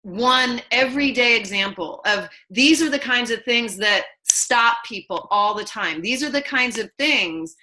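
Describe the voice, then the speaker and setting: A woman's voice: fairly high pitch, expressive, a little slow, few pauses, pushed and bright, rough recording. A woman teaching an online motivational class, earnest and emphatic as she tells personal stories. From lives in Los Angeles. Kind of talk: motivational lesson.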